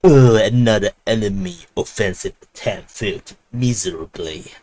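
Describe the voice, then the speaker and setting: A man's voice: fairly low pitch, normal speed, warm tone, close to an everyday voice. A man voicing a gloating, sneering British male villain with a mock British accent. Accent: British (put on). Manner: gloating, taunting.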